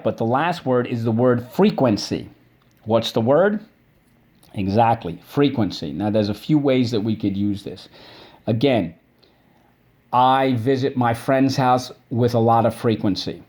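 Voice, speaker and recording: A man's voice: medium pitch, a little mellow. Patient man teaching a spelling lesson. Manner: patient, repeats "okay?" after each point; drawn-out syllable drills.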